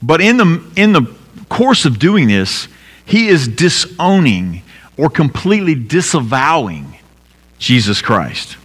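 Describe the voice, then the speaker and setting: A man preaching a sermon as pastor, earnest, building to emphatic peaks and dropping low for weight. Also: big pitch swings, slow, fairly bright tone, breathy edge. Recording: long hall reverb.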